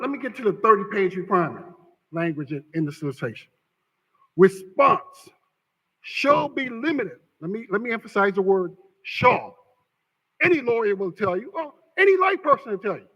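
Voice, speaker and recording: A man speaking as an attorney during public comment at a city council meeting, arguing forcefully and repeating his points for emphasis. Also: high-pitched, slightly rough. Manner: forceful, emphatic argument with repetition. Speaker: attorney for a bidder. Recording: council chamber with long reverb.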